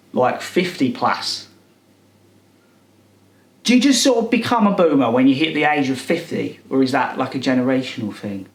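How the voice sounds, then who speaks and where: A man playing a clueless millennial partygoer who rambles and misuses slang in a deadpan comedy monologue. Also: medium pitch, reverberant, close to an everyday voice. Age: 20s. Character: clueless self-styled cool male millennial partygoer. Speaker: comedy character.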